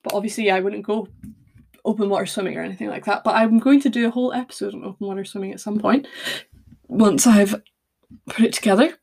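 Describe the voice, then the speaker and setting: Chatty young woman, slightly gravelly. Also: mid-range voice, steady tone, quick pace, darkish tone. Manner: chatty, self-deprecating, frequent fillers and tangents. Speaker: podcast host. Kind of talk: casual solo podcast chat.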